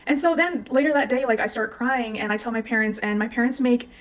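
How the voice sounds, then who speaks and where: A woman's voice: on the high side, fast talker. A young woman telling a personal story to her viewers in a casual, chatty way, full of fillers and asides. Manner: chatty, frequent "like" and "you guys". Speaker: vlogger.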